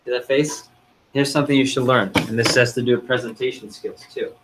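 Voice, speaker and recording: A man's voice: mid-range voice, fairly quick, background noise. A man running a sales training seminar, coaching the group and firing questions at them.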